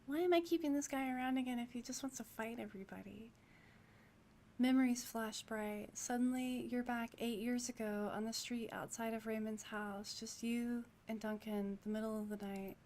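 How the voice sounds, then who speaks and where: A woman's voice: fairly high pitch, fairly even intonation, normal speed, a little mellow, slight background noise. Playful woman streaming a video game. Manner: playful, chatty. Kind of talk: game stream, reading dialogue aloud.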